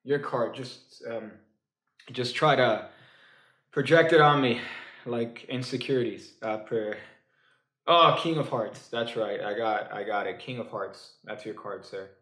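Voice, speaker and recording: A halting, joking male card magician. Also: mid-range voice, a bit bright, reverberant. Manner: halting, full of fillers and restarts; dry, joking asides. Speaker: magician teaching a card trick. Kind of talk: casual comedic tutorial.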